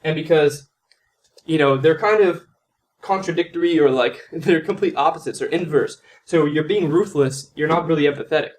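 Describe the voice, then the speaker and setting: A man's voice: on the high side, moderate pace. A man coaching on sales in a loose, conversational way, acting out both sides of a sales call as he explains. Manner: loose and conversational, lots of "man" and "like", role-plays sales calls. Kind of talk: casual teaching monologue.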